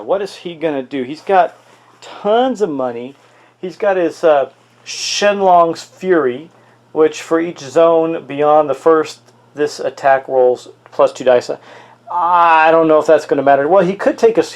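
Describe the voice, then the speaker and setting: A man's voice: a little high, animated, unhurried. A man hosting a solo tabletop game playthrough, thinking aloud and exclaiming at dice rolls. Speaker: host playing a tabletop miniatures game.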